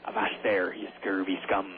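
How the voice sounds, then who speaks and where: A man with a hoarse, husky voice putting on a gruff old sea pirate with a growly, theatrical manner. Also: low-pitched, little pitch movement, normal speed, slight background noise, voice pushed down, close to an everyday voice. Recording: tinny phone-like radio broadcast.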